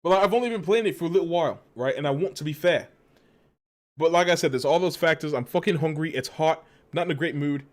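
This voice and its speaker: A man's voice: on the high side, fast. A man streaming a video game, ranting in an exasperated, profane way. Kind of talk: casual live-stream commentary.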